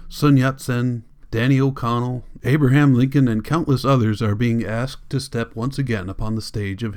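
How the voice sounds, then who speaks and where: A man's voice: mid-range voice, darkish tone, clean tone, lightly acted. A man reading an audiobook, voicing a cold, commanding political leader who lectures in an icy, insistent way.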